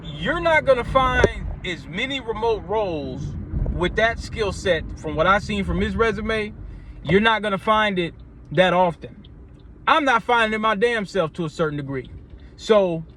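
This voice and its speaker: A man's voice: high-pitched, fairly bright tone, a little hiss or hum. A man from Minnesota telling a casual storytime, loose and rambling, with many restarts and repeats. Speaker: vlogger.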